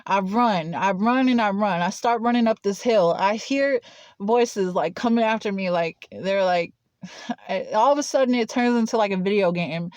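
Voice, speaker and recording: A woman recounts a personal story in loose, casual talk, circling back and restarting her sentences. Her voice sits at a middle pitch. The recording is dry and close, with no room sound. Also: moderate pace, a little mellow, dry recording. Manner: rambling, heavy use of "like" and restarts. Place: Nashville.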